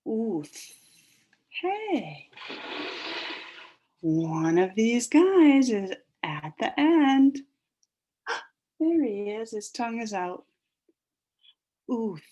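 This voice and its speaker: A woman teaching a phonics lesson to young children, stretching out sounds in an animated sing-song way. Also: medium pitch.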